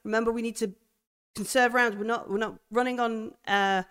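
A woman's voice: fairly high pitch, steady tone, normal speed, fairly bright tone, smooth, big-room sound, close to an everyday voice. A woman voicing a tough female soldier who barks curt orders and swears. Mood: commanding.

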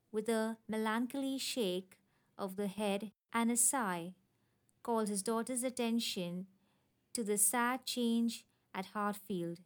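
A woman narrating a classic novel as an audiobook, measured and even. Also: a little high.

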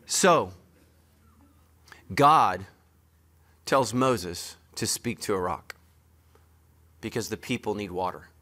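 Male pastor, sermon, emphatic and joking, sharp bright tone. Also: on the low side, expressive, slow, pauses often. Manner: emphatic, joking preacher who talks straight to the congregation.

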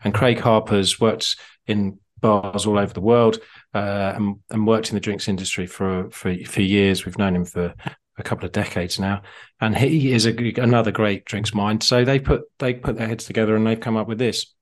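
A man's voice: on the low side, fairly even intonation, moderate pace. A man co-hosting a drinks podcast, talking casually and enthusiastically with frequent fillers and restarts. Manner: chatty, enthusiastic, lots of fillers. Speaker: podcast co-host.

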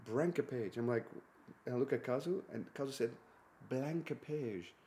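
A man's voice: medium pitch, normal speed, a little hiss or hum. A man speaking English as a second language, telling stories in a casual conversation and acting out what people said. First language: not English. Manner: animated storyteller who acts out quotes. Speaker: guest.

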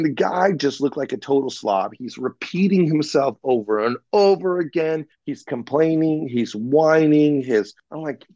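A man working as a communication coach, telling animated stories about clients and acting out what they said in an interview. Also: medium pitch, no echo, lo-fi sound. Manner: animated anecdotes, acts out clients in quoted voices. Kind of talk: podcast interview, storytelling.

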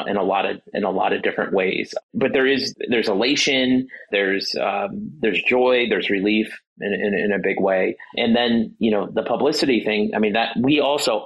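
A man, a trial attorney, talking casually as a podcast guest in an emotional, halting way, full of restarts and fillers. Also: lowish voice, husky, dull audio. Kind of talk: casual interview talk.

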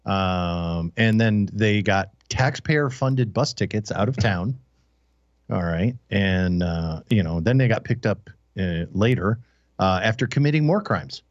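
Deep voiced guy on a talk show, sarcastic, lots of uhs, dry dull audio. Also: expressive, unhurried, no echo. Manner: dry sarcastic, hesitant with many fillers. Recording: dry, muffled lo-fi sound.

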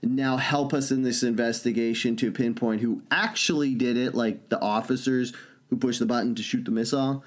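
A man's voice: mid-range voice, normal speed. A man co-hosting a podcast in casual banter, joking and swearing a lot. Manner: profane, joking, animated. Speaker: podcast co-host.

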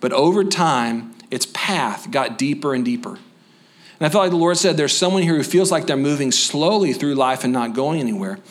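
A man preaching a sermon as a pastor, animated and full of humorous asides, then softening into a slow, quiet closing prayer. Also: mid-range voice. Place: church sanctuary.

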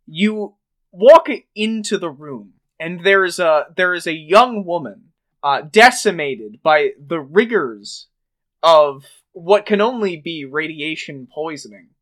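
A man's voice: high voice, fairly bright tone. A man co-hosting a podcast, telling a mock-dramatic scene in a theatrical, ominous way. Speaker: podcast co-host. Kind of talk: casual chat and mock-dramatic bit narration.

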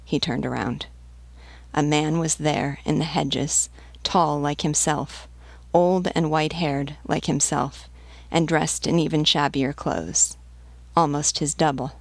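A woman reading a novel aloud as a teacher, in a measured, even storytelling manner. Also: low voice, vocal fry, dry recording.

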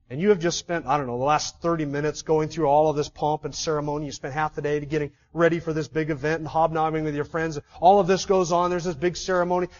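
High-voiced male preacher telling a story. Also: darkish tone, lo-fi sound. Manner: vivid storytelling, rhetorical questions to the congregation. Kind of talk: sermon.

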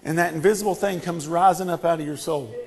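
A man preaching a sermon, moving from quiet storytelling to fervent, shouted declarations with heavy repetition. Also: fairly high pitch, fast talker. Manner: impassioned, building to shouted repetitions.

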